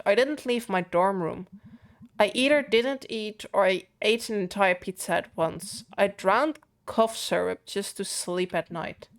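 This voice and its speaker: A woman reading the lines of an anxious young woman who dropped out of college, speaking in a halting, fearful way. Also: mid-range voice, close to an everyday voice.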